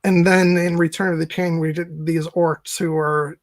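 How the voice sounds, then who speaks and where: A man's voice: a little high, flat delivery, normal speed, dry recording, rough recording. A man hosting a casual film discussion podcast, talking enthusiastically and quoting favorite lines. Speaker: podcast host.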